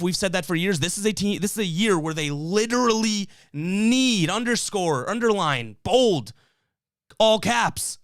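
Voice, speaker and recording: A man's voice: sits high, animated, normal speed, clear, resonant tone, no echo, clean studio sound. Fired-up man hosting a fan stream. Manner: fired-up, rambling, frequent restarts and fillers. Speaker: sports stream host reading chat. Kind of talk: casual live-stream commentary.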